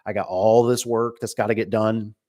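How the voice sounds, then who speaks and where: A man's voice: fairly low pitch, fairly even intonation, moderate pace, a little mellow. A middle-aged man who runs a garage door business, talking casually on a livestream, rambling with many fillers and restarts.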